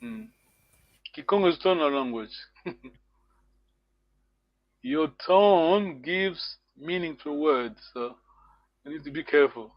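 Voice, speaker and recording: A man's voice: a little high, no room sound, lo-fi sound. Patient man teaching over a call. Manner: patient, repeats words slowly for pronunciation, chuckles often. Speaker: language teacher. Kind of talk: live online language lesson.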